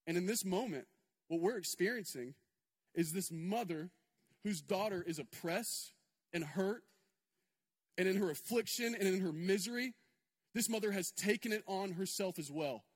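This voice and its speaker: A man's voice: sits high, expressive, unhurried, pauses often, slightly rough, big-room sound. A male pastor preaching a sermon in a church, conversational and emphatic, with repetitions and asides to the congregation. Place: church sanctuary.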